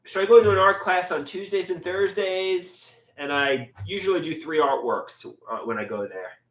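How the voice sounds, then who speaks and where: A man on a livestream showing his artwork, talking in a dramatic, halting way. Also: sits high, fairly bright tone. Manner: dramatic, halting, shifting voices. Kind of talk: livestream chat. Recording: roomy echo.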